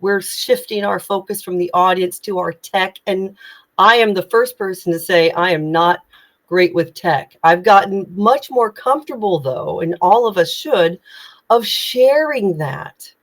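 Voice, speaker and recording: A woman's voice: medium pitch, measured pace. A woman communication coach giving tips in a live online session, speaking with energy, urgency and emphatic projection.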